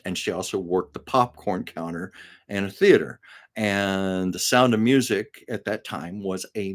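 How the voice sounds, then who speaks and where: An older man hosting a casual livestream, telling anecdotes with frequent laughs and reading viewer comments aloud. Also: deep voice. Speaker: livestream host. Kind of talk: casual storytelling chat.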